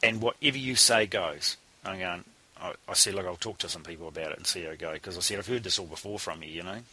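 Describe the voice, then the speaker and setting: A man's voice: deep voice, quick pace, bright, forceful tone, breathy edge. A man, a cycling coach telling a blunt, salty story in casual conversation.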